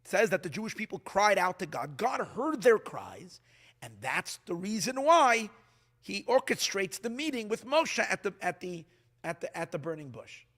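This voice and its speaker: A man preaching as a rabbi, his voice high and bright. He swings widely in pitch, and he often restarts his sentences as he works through his points. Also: normal speed. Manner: animated, restarts often, acts out quoted dialogue. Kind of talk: sermon.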